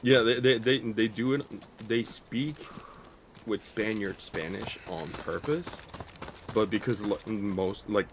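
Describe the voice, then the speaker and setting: A man's voice: fairly low pitch, fairly even intonation, slow pace, a little hiss or hum. A man in casual stream chat, ranting bluntly and profanely with many restarts.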